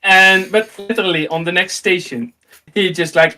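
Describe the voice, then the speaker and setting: A man in his thirties with a Dutch accent, telling an animated personal story in casual chat and acting out the dialogue. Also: high-pitched, moderate pace. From Netherlands. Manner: animated, acts out dialogue, laughs often. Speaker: host.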